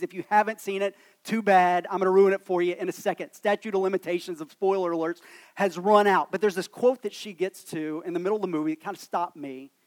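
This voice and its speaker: A man, a pastor preaching a sermon in a church in a conversational, self-deprecating storytelling manner. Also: sits high. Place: church sanctuary.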